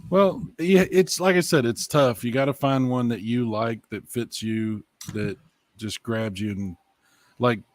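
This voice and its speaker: A man co-hosting a retro gaming podcast in casual chat, animated and swearing freely. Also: medium pitch, measured pace. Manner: animated, swears freely, talks over others. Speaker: podcast co-host.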